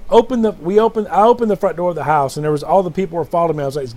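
His voice is high and a little mellow, animated and very fast with hardly any pauses. Alone at night, the self-styled prophet and preacher rambles through a dream testimony and sermon, repeating himself fervently and often addressing "brothers and sisters."

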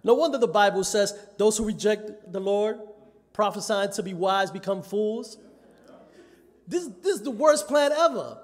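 A man's voice: sits high, animated, moderate pace. A man, a church elder, preaching a sermon with emphasis, repeating phrases and acting out the words of others. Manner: emphatic, repeats phrases, acts out quoted voices. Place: church sanctuary. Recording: church live stream with long reverb.

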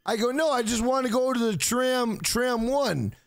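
A man streaming a video game live, swearing freely and loudly hyping up his donors. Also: very high-pitched, moderate pace, gravelly, no echo, studio quality. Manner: profane, hyped, shouts out donors. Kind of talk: live gameplay stream chat.

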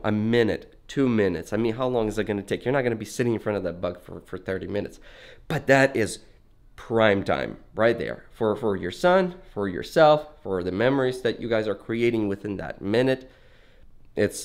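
A man talking casually and earnestly in a rambling, reflective monologue while walking around. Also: mid-range voice. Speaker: vlogger.

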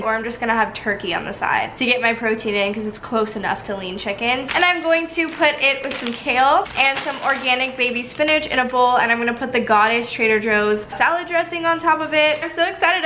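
A woman's voice: fairly high pitch, a bit bright, a little hiss or hum. A young woman chatting casually to camera in a diet vlog, bubbly and chatty with frequent laughs. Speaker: vlogger. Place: outdoors at home, eating.

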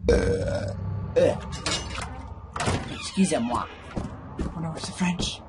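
A man's voice: on the high side, lively intonation, slow pace, over loud music. A man commentating on a horror game, sarcastic and jokey, swearing now and then. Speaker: gaming video host.

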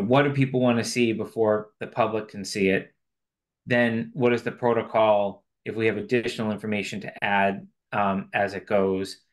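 Lowish-voiced man chairing an online meeting. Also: a bit bright. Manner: thinks aloud, hedging and qualifying. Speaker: committee chair. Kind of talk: remote committee meeting discussion. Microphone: video call.

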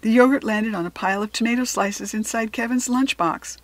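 With a higher voice and a slightly quick pace, a woman gently reads a children's chapter book aloud, sometimes lowering into whispered asides. The audio has no echo.

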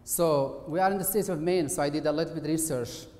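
Brisk and a little mellow, his voice sits on the high side. This middle-aged occupational therapist lectures in a university auditorium, conversational but somewhat hesitant, with the echoey hall and faint hiss audible.

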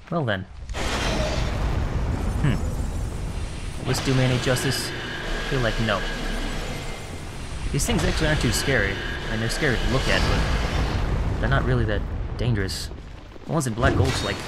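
A man's voice: medium pitch, heavy background noise. A man casually commenting on his own gameplay, sarcastic and muttering to himself as he plays. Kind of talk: casual let's-play commentary.

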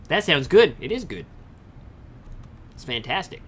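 A man's voice: a little high, animated, moderate pace, pauses often, slight background noise. A young man chatting casually with viewers on a game livestream, swearing freely and answering chat. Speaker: game streamer. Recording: faint music behind the voice.

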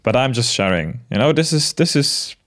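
A man in his late twenties talking to the camera in a casual, reflective monologue, gentle and halting, with many restarts and soft laughs. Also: medium pitch, lively intonation. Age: late 20s. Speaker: vlogger.

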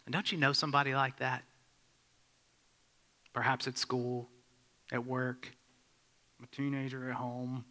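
A man's voice: mid-range voice, little pitch movement, a little slow, long pauses, pushed and bright. A man giving a sermon as a pastor, telling a story conversationally and asking the congregation questions. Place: church sanctuary. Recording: long hall reverb.

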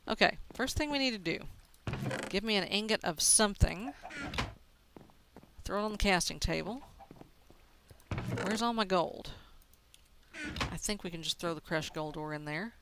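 A woman's voice: mid-range voice, moderate pace, long pauses, noisy background. A woman casually commenting on her own gameplay, talking to herself and laughing at her mistakes. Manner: chatty, self-narrating, laughs at mistakes. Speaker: let's play gamer.

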